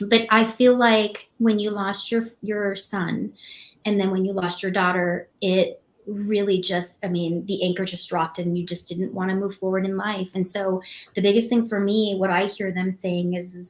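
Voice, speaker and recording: A woman giving a live psychic reading, talking in a halting, emotional way with many pauses and restarts. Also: mid-range voice, little pitch movement. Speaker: psychic reader.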